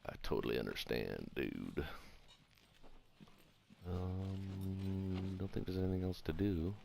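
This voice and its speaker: A man chatting casually while playing a strategy board game, muttering counts and thinking his moves through out loud. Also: deep voice, lively intonation, slow pace, gravelly, slight background noise. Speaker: co-host and player. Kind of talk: casual gameplay chat.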